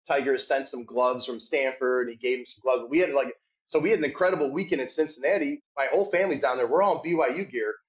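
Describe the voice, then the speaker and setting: A man telling a rambling, animated sports story in a casual podcast chat. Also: quick pace. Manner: animated, shouts quoted hecklers in a high voice. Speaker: podcast guest. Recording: dull lo-fi sound.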